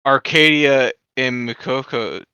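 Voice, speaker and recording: A man playing in a tabletop game, talking casually and haltingly, restarting his sentences. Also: medium pitch, bright, forceful tone, clear, resonant tone, no echo, highs cut off. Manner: halting, restarts, trips over words. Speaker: player.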